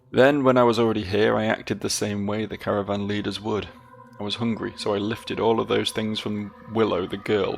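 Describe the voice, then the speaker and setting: A man's voice: lowish voice, creaky. A British man reading as a theatrical fallen singer woman.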